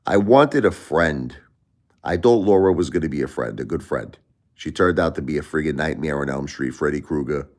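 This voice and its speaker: Deep-voiced ranting New man. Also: moderate pace, darkish tone. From Brooklyn, New York. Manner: ranting, repetitive, stammering restarts. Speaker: live streamer. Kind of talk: casual live-stream rant.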